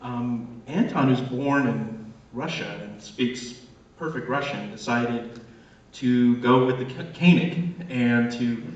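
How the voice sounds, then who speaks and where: A man's voice: mid-range voice, slow. A man moderating a live Q&A, asking long, detailed questions with fillers. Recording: echoey hall, far from the mic, dull sound.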